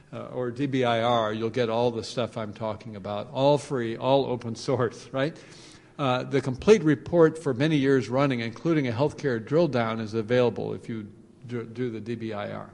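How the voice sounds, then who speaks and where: A man giving a conference presentation, animated, with joking asides and phrases repeated for emphasis. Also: medium pitch, vocal fry. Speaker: conference speaker. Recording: long reverb of a large hall.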